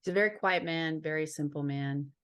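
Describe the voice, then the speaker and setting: A woman's voice: sits low, fairly quick, fairly bright tone, clean tone. A woman from Ontario, Canada, a healer and psychic, telling a personal story as an interview guest in an earnest, heartfelt way, repeating phrases for emphasis.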